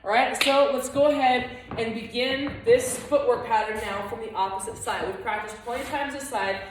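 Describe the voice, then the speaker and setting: A woman's voice: on the high side, moderate pace, heavy reverb, recorded from a distance, noisy background. A woman teaching a flamenco dance class, explaining steps and chanting the rhythms and counts aloud.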